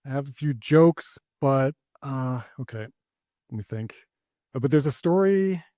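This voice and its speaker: A young man doing a stand-up set, rambling and hesitant with many restarts, landing deadpan punchlines. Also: mid-range voice, measured pace, no room sound, clean studio sound. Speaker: stand-up comedian.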